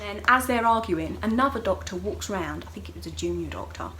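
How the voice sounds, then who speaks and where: A woman's voice: a little fast, slight background noise, rough recording. A young woman vlogging, telling a personal story in a casual, chatty way and acting out what people said with big jumps in voice. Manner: animated, acts out voices of others with sharp jumps in pitch and loudness.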